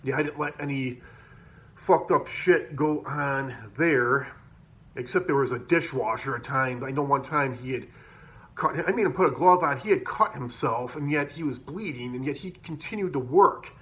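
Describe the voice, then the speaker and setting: A man's voice: mid-range voice, normal speed, a bit bright. A man telling rambling, profane stories about restaurant kitchens in a casual monologue, full of fillers and restarts. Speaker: podcaster telling work stories.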